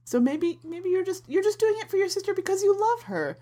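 An actress playing a wry, quick-witted con artist in a comedy audio drama. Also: female voice, very high voice, lively intonation, dark tone. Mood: scheming. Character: scheming adult woman con artist.

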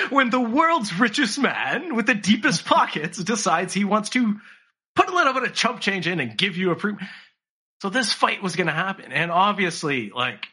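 A man talks casually on a podcast and tells a story full of swearing, mocking the people he quotes in put-on voices. His voice is husky yet bright, and his pitch swings widely as he gets worked up.

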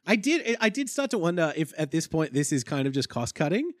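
A man's voice: fairly high pitch, very animated, brisk, no echo, studio quality. A young man co-hosting a podcast, chatting casually and wryly, thinking aloud as he recaps. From Australia. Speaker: podcast co-host.

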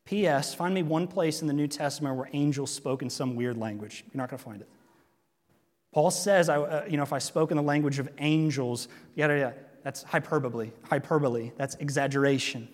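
A male pastor delivers a sermon with a fairly high voice. He stays animated, joking and acting out the quotes he reads. His words ring on in a large reverberant church hall. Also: a little fast. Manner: animated, jokes and acts out quotes.

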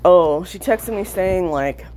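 A young woman vlogger tells a personal story to camera, candid and rambling, packed with fillers and swearing in a casual storytime chat. Her voice is on the low side and slow, against a noisy background.

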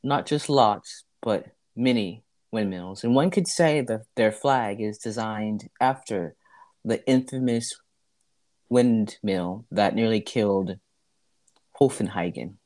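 A man co-hosting a podcast, reading out shout-outs with mock formality and playful teasing. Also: on the low side, slow. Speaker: podcast co-host. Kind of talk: casual comedic banter.

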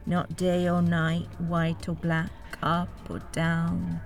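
A woman's voice: lowish voice, monotone, slow pace, faint music behind. A woman voicing a charming, teasing male god of revelry in an audiobook. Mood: musing. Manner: teasing, indulgent, chuckling. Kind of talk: audiobook character reading.

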